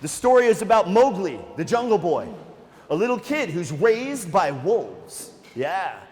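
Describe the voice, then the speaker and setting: Animated male storyteller for kids. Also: sits high, a little slow, big-room sound. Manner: animated, playful, addresses the kids. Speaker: nature museum educator. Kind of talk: storytelling to children.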